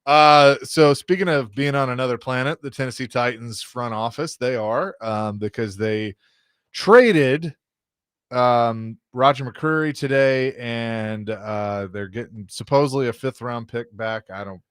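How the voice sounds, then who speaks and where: Easygoing sports radio host, dry sound. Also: male voice, medium pitch, measured pace, smooth, dry recording. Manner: laughs easily, reads out news notes and draft picks. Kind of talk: casual sports radio talk.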